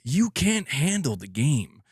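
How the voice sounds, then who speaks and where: A man putting on a slow, drawn-out impression of a male film star's cadence. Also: on the high side, very animated, slightly rough, no echo, clean studio sound, voice pushed up, heavily acted. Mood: mocking.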